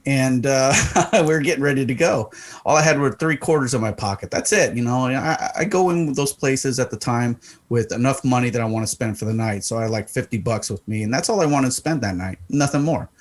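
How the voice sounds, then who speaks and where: A man telling a long story on a podcast, with a voice of middling pitch. He is animated and loose, and his pitch jumps up whenever he wants to stress a point. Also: brisk. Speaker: podcast co-host. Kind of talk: casual storytelling.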